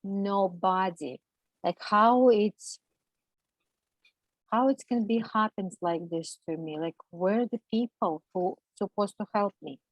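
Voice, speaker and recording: A woman, a guest on an interview show, telling a personal story in halting, emotional, non-native English, full of fillers and restarts. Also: mid-range voice, no echo, rough recording.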